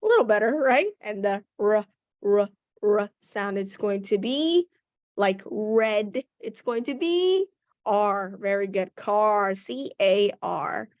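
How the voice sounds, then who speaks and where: A woman's voice: medium pitch, slow pace, darkish tone, no echo, highs cut off. A woman teaching young children English phonics, patiently sounding out letters and words. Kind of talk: phonics lesson to young learners.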